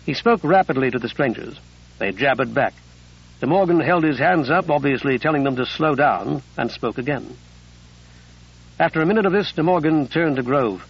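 Gravelly male audiobook narrator. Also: fairly high pitch, expressive, muffled recording. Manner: measured storytelling. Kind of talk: scripted narration.

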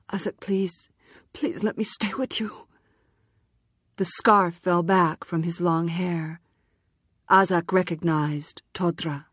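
Low-voiced woman audiobook narrator. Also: no room sound, clean studio sound. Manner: calm, measured reading.

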